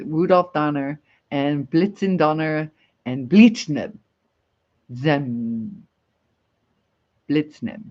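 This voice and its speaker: Lady doing a casual livestream, rambly, laughs a lot, kinda dull lo-fi sound. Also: low voice. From Michigan, USA. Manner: rambling, reads viewer comments aloud, laughs often. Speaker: livestream host. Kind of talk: casual live chat.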